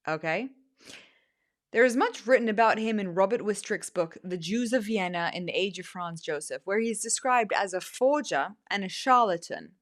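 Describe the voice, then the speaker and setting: A woman hosting casual political commentary, sarcastic with mocking asides, reading excerpts aloud. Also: mid-range voice. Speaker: host.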